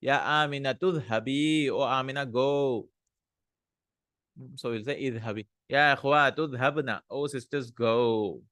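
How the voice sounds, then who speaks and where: A man teaching an Arabic grammar lesson, reading example sentences aloud, translating them and explaining the rules in a relaxed way with fillers. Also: medium pitch, fast talker, no room sound, clean studio sound.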